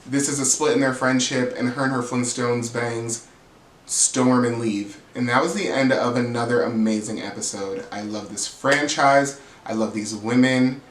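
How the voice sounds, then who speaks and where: A man recaps a reality show with sass and gusto, slipping into quick impressions of the people he talks about. His voice sits in the middle of the range. The room around him rings with a noticeable echo. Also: medium pitch, slight background noise. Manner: animated, sassy, gossipy storytelling with acted-out quotes. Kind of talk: casual recap commentary.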